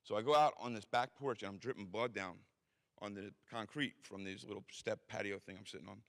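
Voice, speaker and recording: A man's voice: on the low side, a little fast, gravelly, a bit bright. A man telling a story from his own life in a blunt, profane, self-mocking way. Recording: reverberant hall.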